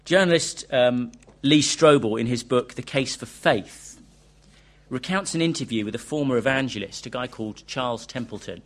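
A man's voice: medium pitch, normal speed, a bit bright. A man preaching a sermon, earnest and questioning, reading a quoted interview aloud to his congregation.

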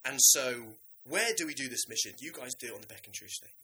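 A man preaching a sermon in a lively, conversational way, now and then acting out the voices of biblical figures. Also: mid-range voice, fast talker, rough recording.

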